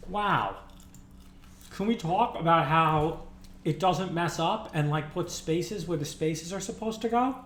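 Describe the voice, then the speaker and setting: A man live-streaming his programming session, talking excitably and rambling, repeating words as he thinks aloud at a desktop microphone in a room at home. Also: on the high side, measured pace. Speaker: livestreaming programmer. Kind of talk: casual live-stream chat while coding. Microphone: desktop USB microphone. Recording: roomy with faint background noise.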